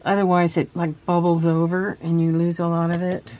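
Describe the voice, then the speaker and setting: A woman hosting a casual crafting tutorial, talking softly and trailing off as she works at her table. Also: lowish voice, flat delivery, moderate pace. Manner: soft-spoken, chatty, trails off while working. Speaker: craft video host.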